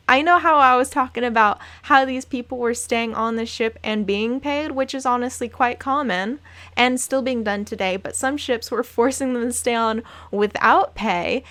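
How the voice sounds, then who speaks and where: A woman's voice: a little high, normal speed, fairly bright tone. A young woman in a casual vlog, speaking with indignant passion and repeating phrases for emphasis. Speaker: vlogger, former cruise ship worker. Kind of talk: casual to-camera talk.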